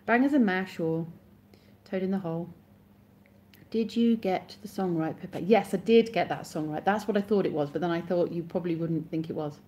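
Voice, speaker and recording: A woman's voice: fairly low pitch, normal speed, warm tone. A woman in her thirties, chatting casually on a live stream and answering viewers' comments as they come in.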